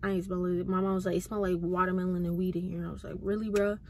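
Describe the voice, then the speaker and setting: A woman's voice: on the low side, flat delivery, rapid-fire, a little hiss or hum. A young woman casually telling a storytime to her viewers, chatty and full of slang. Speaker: vlogger.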